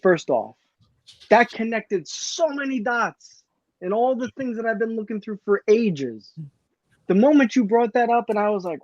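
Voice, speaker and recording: Hesitant higher-voiced male caller. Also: lively intonation, measured pace, no room sound, lo-fi sound. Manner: hesitant, full of ums. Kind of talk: casual call-in chat. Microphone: headphones, online call.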